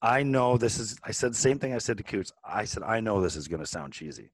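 A man's voice: lowish voice, fast, husky. Rambling man in his forties telling a story. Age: 40s. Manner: animated, rambling with many restarts. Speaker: podcast co-host. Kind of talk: casual storytelling.

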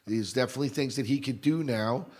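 A man co-hosting a podcast in casual chat, his voice a little hoarse and stuffy from a cold, blunt and emphatic. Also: medium pitch, fast, a little mellow. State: slightly hoarse, congested. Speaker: podcast co-host.

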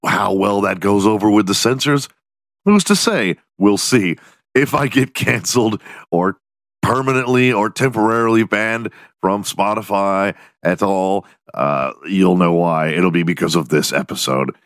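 Low-voiced guy ranting on his podcast, swears a lot, goofy, dead dry sound. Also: unhurried, fairly bright tone, no echo. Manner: profane, rambling, jokey. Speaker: podcast host. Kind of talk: casual solo podcast rant.

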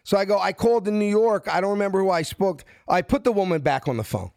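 A man's voice: high voice, quick pace, gravelly, no room sound, clean studio sound. A man, telling a story casually and acting out the dialogue in different voices. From South Philadelphia. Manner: animated, acts out quoted dialogue in voices. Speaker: guest.

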